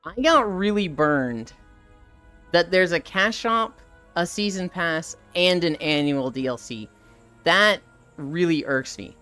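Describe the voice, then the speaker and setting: Lively, low-voiced woman streamer. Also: slow pace, soft background music. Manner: opinionated, emphatic, builds up lists. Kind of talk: casual live-stream chat.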